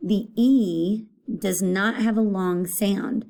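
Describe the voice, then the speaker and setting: Woman teacher doing a kids phonics lesson, slow and patient, says each word a few times, mellow voice. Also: medium pitch. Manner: slow, patient, repeats words to sound them out. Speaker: elementary school teacher. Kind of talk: recorded phonics lesson for children.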